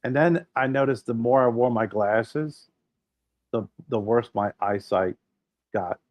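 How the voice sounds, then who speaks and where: A man's voice: medium pitch, unhurried, no room sound. A middle-aged man co-hosting a casual podcast, telling stories with a lot of swearing and acting out the people he quotes. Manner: animated storyteller, swears freely, acts out quoted people. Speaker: podcast co-host. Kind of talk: casual chat.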